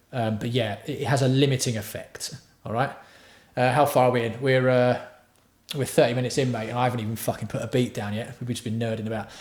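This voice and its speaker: A man's voice: medium pitch, a little mellow. A man hosting a casual livestream tutorial on music production. He chats with his viewers and swears freely. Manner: chatty, swears freely, answers viewer chat.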